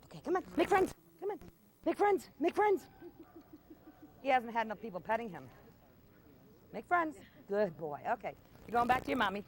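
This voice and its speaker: A woman's voice: on the high side, big pitch swings, normal speed, long pauses. A woman dog trainer running a hands-on session in an outdoor field, firm and no-nonsense with owners and coaxing with the dog.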